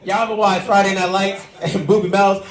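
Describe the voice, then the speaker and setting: A man's voice: high-pitched, brisk, a crowd in the background. A man performing a stand-up comedy set, telling a story and acting out the people in it. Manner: animated storytelling, acts out characters. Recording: echoey venue with audience laughter. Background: audience laughter.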